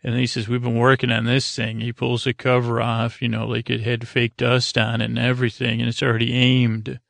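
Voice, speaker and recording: A man rambling through a casual episode recap, halting often with "uh" and restarts as he loosely quotes characters. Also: mid-range voice, monotone, vocal fry, a bit bright, no echo. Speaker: podcast host recapping a TV episode.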